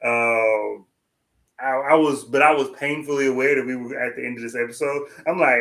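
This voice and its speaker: A man chatting casually about a TV episode, relaxed and conversational, acting out his own reactions. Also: mid-range voice, moderate pace. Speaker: TV recap podcast co-host. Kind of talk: casual chat.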